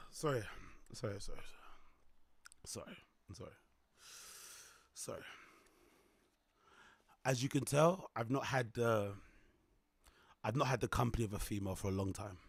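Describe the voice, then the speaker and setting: A man hosts a casual reaction stream, excitable and rambling, often breaking into laughter. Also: mid-range voice, moderate pace, vocal fry, pauses often, breathy edge, no echo. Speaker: streamer host.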